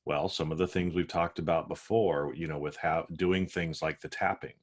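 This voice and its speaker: This man co-hosts a casual podcast and talks in a calm, reassuring way. He fills his speech with "you know" and "um". His voice is exceptionally deep. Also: normal speed. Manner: reassuring, reflective, filler-heavy. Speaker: podcast co-host. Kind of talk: casual chat.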